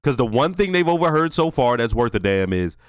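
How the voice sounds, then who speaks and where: A man hosting a TV reaction channel, giving a casual, animated and profane episode review while talking straight to his viewers. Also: mid-range voice, a little fast, smooth, no echo, studio quality.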